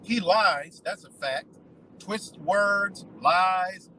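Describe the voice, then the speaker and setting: A man's voice: sits high, extremely slow, pushed and bright, a little hiss or hum, poor audio. A man hosting a commentary video, ranting in a heated, profane, repetitive way. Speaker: commentary channel host. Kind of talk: casual profane rant.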